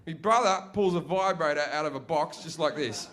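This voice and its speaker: Against a noisy background, a young comedian with a fairly high voice tells a profane story fairly quickly from the stage. He's animated in front of the live audience and performs his family members' voices.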